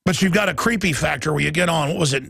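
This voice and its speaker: A male radio talk show host delivering a combative, mocking monologue with a raspy, gravelly voice. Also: fairly high pitch, fast talker, fairly bright tone, no echo.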